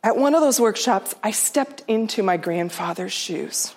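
A middle-aged woman telling a personal story to an audience, heartfelt and unhurried, sometimes dropping to a soft near-whisper. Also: mid-range voice, lively intonation. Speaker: storyteller speaker.

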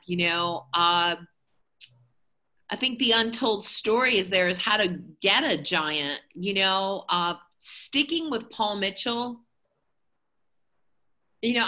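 A bright, clear-toned woman from the United States chatting in an interview. She rambles through her stories with many fillers. Her talk is loose and conversational. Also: mid-range voice. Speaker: guest, hair educator.

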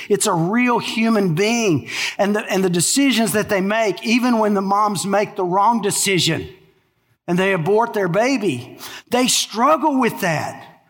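A male pastor preaching a sermon, telling stories and letting his voice sink low and hushed in the sad parts. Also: measured pace. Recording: long reverb of a large hall.

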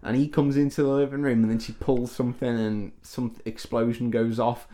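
A man in casual podcast chat walks through a horror film's plot beat by beat. His voice sits at an ordinary middle pitch, and he tells it with lively, profane enthusiasm. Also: moderate pace. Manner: animated storytelling, swears freely. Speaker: podcast co-host. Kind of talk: casual chat recapping a film.

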